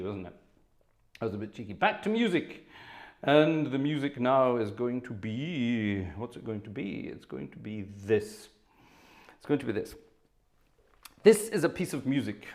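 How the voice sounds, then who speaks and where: A man from the north of Scotland with a posh Scottish accent, hosting a livestream as an organist, chatting casually and correcting himself as he goes. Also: mid-range voice. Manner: chatty, self-correcting, switches between German and English.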